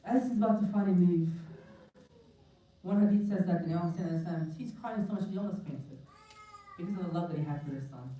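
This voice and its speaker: Dark-voiced man preaching in an echoey hall. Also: fairly high pitch, quick pace. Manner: impassioned, retells quotes with pleading intensity. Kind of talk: mourning sermon, emotional storytelling. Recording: echoey hall, mic far off.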